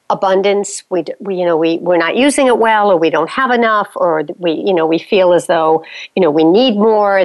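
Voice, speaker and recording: Radio host: woman, enthusiastic and chatty, mid-pitched voice, dry close sound. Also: no room sound. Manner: enthusiastic, chatty, lists things. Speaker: radio talk show host. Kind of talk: radio interview.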